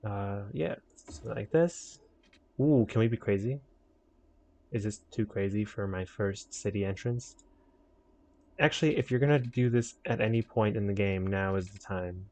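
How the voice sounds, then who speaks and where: A man's voice: on the low side, a little slow, dark tone, no room sound. A young man giving casual, rambling commentary while building a city in a game, joking with himself and his viewers. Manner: rambling, self-mocking, talks to viewers. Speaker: streamer.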